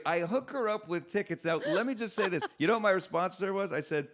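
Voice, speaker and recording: A middle-aged man, a comedian, talking as a podcast guest, with animated, self-deprecating storytelling. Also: high-pitched, fast talker, few pauses. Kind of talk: podcast conversation.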